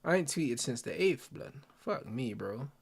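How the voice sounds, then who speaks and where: A man's voice: medium pitch, big pitch swings, a little slow, vocal fry, husky. A young man hosting a football watch-along, ranting in casual slang and swearing freely. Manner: heated, slang-heavy, swearing, addresses viewers and mates.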